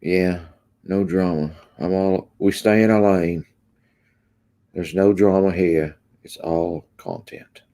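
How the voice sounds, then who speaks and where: Low, mellow-voiced man chatting on a livestream. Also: fairly even intonation, takes it slowly. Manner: laid-back, drawling, trailing off with ums. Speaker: livestream host. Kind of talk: casual livestream chat reading comments.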